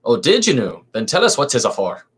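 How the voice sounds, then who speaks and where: A man voicing a sturdy Spartan woman, reading her old dialect words slowly and carefully, sometimes stumbling. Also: mid-range voice, huge pitch swings, fairly bright tone, husky, voice pushed up, heavily acted. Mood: hearty. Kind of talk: amateur play reading.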